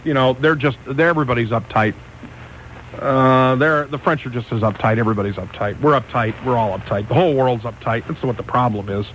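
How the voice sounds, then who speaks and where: A man's voice: mid-range voice, a little fast, a bit bright, a little hiss or hum, low-quality recording. A man hosting a talk radio show, ranting and rambling in casual banter. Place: radio studio.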